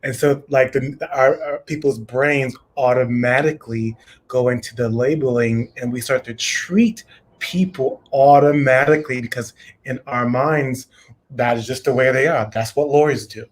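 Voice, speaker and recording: A man's voice: mid-range voice, normal speed. A man co-hosting a casual coaching chat, telling stories animatedly and quoting other people. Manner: animated storytelling with quoted voices. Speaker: co-host coach.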